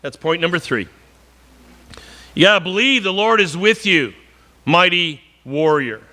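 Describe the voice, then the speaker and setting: A man's voice: sits high, lively intonation, unhurried, sharp tone. A man from northern Wisconsin preaching a sermon in an earnest, conversational way, often repeating words and slipping in joking asides.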